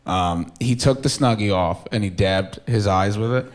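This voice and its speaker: A fairly low-pitched voice at a moderate pace belongs to a young stand-up comedian from Staten Island with a New York accent. He tells a story and imitates his friends' voices while the crowd laughs.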